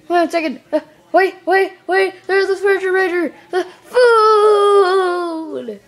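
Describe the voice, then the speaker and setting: A woman voicing her lazy house cat in a home video, with a squeaky, excitable, indignant cartoonish manner. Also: slow, full character voice. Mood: scared, excited. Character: scared, grumpy house cat voiced by its owner. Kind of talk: home video voiceover for pets.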